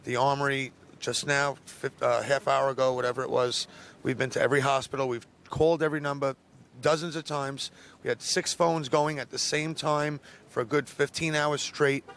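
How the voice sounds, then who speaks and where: A man's voice: mid-range voice, fairly even intonation, moderate pace, fairly bright tone. A man being interviewed about a missing relative, speaking earnestly and with determination.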